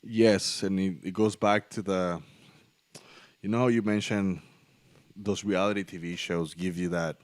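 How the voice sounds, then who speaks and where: A man's voice: deep voice, fairly even intonation, a little slow, long pauses, no room sound. A man hosting a podcast in casual chat, talking bluntly and swearing freely. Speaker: podcast host.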